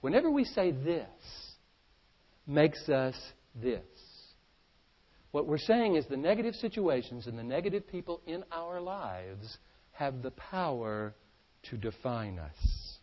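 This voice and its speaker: Male seminar speaker, energetic and playful, works the crowd; animated pitch, lo-fi recording. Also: slow pace. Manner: energetic, playful, engages audience. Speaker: stress management speaker. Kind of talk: live seminar talk to an audience. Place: seminar room with live audience.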